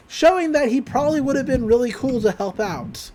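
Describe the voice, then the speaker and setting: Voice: mid-range voice, expressive, moderate pace, darkish tone, slight background noise. A podcast co-host recapping a cartoon episode in loose casual chat, full of fillers and quoted lines. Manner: rambling, quotes characters with "he's like"; frequent fillers, laughs while recounting.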